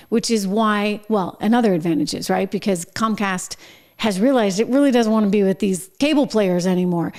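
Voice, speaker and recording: A woman's voice: mid-range voice, a little mellow. A middle-aged woman hosting her own show, giving chatty political commentary with wry asides and frequent laughs. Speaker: show host.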